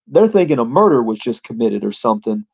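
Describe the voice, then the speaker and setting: A man's voice: mid-range voice, sing-song, fast talker, vocal fry, breathy edge, dull audio. A man, a pro wrestler appearing as a guest, telling a casual story in a rambling way with lots of fillers.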